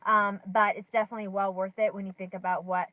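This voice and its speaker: Slightly out of breath, a woman in her thirties who is a lifestyle vlogger chats to camera from her car, peppering her speech with ums and likes. She speaks fast in a medium-pitched, level tone against a noisy background.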